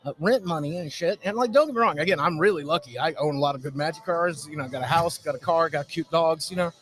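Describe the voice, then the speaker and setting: A man talking as a podcast guest in rowdy, sweary, animated casual chat at a comic convention. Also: a little high, quick pace, a little hiss or hum. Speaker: guest YouTuber.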